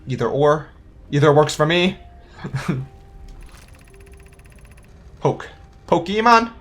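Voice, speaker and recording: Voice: mid-range voice, faint music behind. A young adult playing a game and chatting casually, thinking aloud, questioning themselves and laughing now and then. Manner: playful, quick to laugh. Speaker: let's-play gamer. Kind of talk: casual gameplay commentary.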